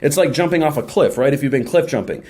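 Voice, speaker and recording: Young man, slightly high voice, slangy, energetic, motivational chat to camera, acts out little back-and-forth dialogues. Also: quick pace. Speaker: self-help video host. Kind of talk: casual motivational talk to camera.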